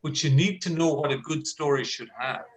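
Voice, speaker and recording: A man who coaches storytelling, talking on a video call. He is an animated storyteller who acts out scenes and often restarts his sentences. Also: a little high, normal speed, low-quality recording. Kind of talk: conversational talk on a video call.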